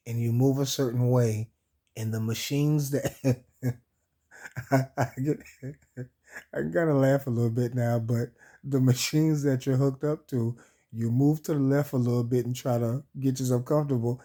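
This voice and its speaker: A man's voice: mid-range voice, dark tone. A man casually telling a personal story, laughing often, sore and recovering from surgery so that laughing hurts. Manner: laughs often while telling, addresses listeners as y'all. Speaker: vlog host.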